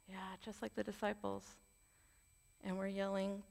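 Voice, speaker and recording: A woman's voice: medium pitch, monotone, measured pace, creaky, long pauses, a little mellow. A woman giving a sermon in an earnest, conversational way, with candid personal asides. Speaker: preacher. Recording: long hall reverb.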